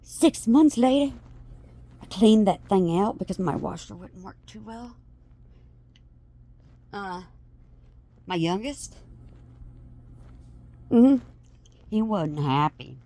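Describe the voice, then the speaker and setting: A mother chats to her vlog viewers in a mid-range voice, speaking slowly with long pauses. Her casual talk to camera rambles animatedly, often trailing off as she loses her thread and starts over.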